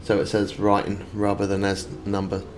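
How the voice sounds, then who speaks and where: A man's voice: fairly low pitch, monotone, normal speed, slight background noise. A British man from the UK streaming a fishing game, chatting casually and answering viewer comments as he plays. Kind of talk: casual live-stream chat.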